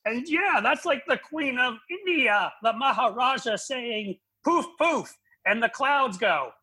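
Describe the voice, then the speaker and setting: Man doing a slow pompous comic, raised voice, rambling references. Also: very high voice, expressive, pushed and bright, husky, pitched above the performer's own voice, heavily acted. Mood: mocking.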